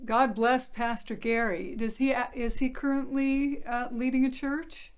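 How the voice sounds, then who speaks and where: A woman interviewing a guest for a ministry program, gentle and affirming as she asks her questions. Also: high-pitched, fairly even intonation, a little slow, smooth. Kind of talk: faith-based interview.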